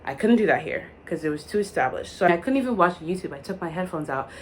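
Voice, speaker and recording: A woman's voice: on the low side, expressive, fast talker, slight background noise. A young woman vlogger telling a story in a casual, dramatic way, full of likes and asides. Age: young adult.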